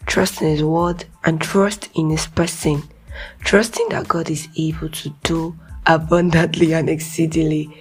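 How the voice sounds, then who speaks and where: A young woman from Nigeria speaks to her listeners in a low, husky voice with a gravelly edge. Her devotional talk is earnest and conversational, sometimes dropping to soft whispered asides. Faint music plays behind her. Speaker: Christian speaker.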